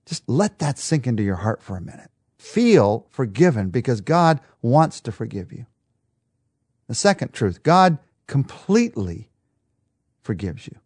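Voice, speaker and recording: Emphatic male preacher with lively pitch. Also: dry recording, studio quality. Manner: emphatic, repetitive rhetorical rhythm. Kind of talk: devotional sermon.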